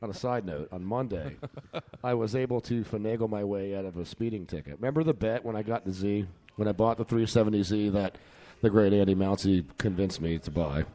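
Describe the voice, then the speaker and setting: A man's voice: fairly low pitch, a little fast, warm tone. A man hosting a casual podcast, joking and telling stories, laughing often. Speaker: podcast host. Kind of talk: casual chat.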